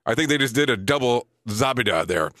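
Lively, bright-voiced male show host. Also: mid-range voice, no room sound, clean studio sound. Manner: reads lists briskly and breaks off with surprised, joking remarks. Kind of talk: casual list-reading show with asides.

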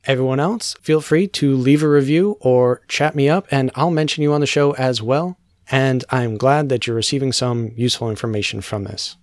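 A man hosting a podcast, talking in a steady, measured way. His voice is dry and close to the mic, with no room sound. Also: mid-range voice, dry recording. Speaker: podcast host.

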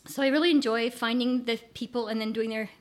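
A woman's voice: a little high, fairly even intonation, fast. An older woman chatting as a guest in an interview, enthusiastic and rambling, with frequent restarts. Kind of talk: casual conversational interview.

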